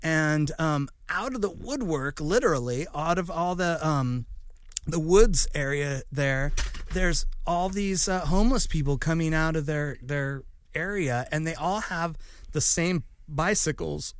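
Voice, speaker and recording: A man's voice: a little high, unhurried, no echo. A man hosting a podcast, rambling through a casual, profanity-filled story with lots of fillers. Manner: rambling, swears freely, frequent fillers. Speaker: podcast host.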